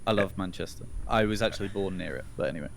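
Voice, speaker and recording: English guy chatting on a podcast, low voice, laughs a lot, bit of hiss behind. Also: fast talker, gravelly. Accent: standard southern English. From northern England. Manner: chatty, laughs often, swears casually. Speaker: podcast co-host. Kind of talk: casual chat.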